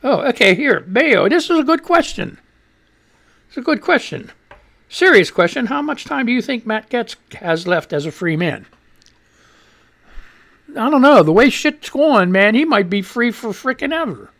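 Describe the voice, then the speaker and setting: His voice high and a bit bright, a man in his sixties hosts a live radio stream. The talk is casual, profane, and rambling as he reads viewer tweets and laughs at himself.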